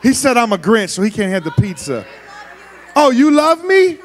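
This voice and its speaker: A man preaching as a youth pastor, playfully wrangling a big room of students and often shouting. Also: very high-pitched, very animated, moderate pace, a faint crowd. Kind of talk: youth ministry sermon.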